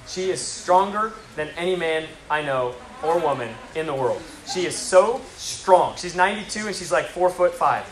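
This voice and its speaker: High-voiced male preacher in echoey room. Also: normal speed, hardly any pauses. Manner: animated, rising to excited. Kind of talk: storytelling sermon.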